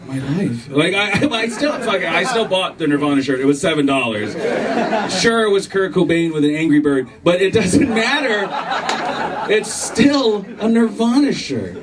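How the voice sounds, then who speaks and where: A man's voice: high-pitched, expressive, moderate pace, a loud crowd. A male stand-up comedian doing a profane, self-mocking set on a comedy club stage, acting out both sides of arguments, with audience laughter behind him. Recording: distant club recording with room noise.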